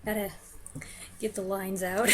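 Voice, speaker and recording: A young woman reviewing films, stumbling over lines, restarting takes and laughing at herself. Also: fairly high pitch. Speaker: film reviewer. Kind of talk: blooper reel of review takes.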